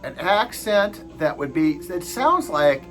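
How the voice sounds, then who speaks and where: A man's voice: a little high, very animated, slow pace, fairly bright tone, soft background music, poor audio. A man giving a casual movie review, hesitant and full of filler sounds.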